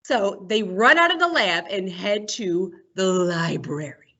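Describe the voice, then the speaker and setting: Slow, bright-voiced librarian woman. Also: mid-range voice, lo-fi sound. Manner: slow, expressive storytelling. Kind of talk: picture book review with read-aloud summary.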